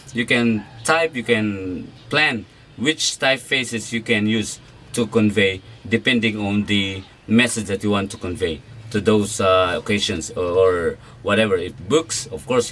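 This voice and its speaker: A male teacher giving an online lecture, halting and full of fillers and restarts. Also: lowish voice, fairly bright tone, slight background noise.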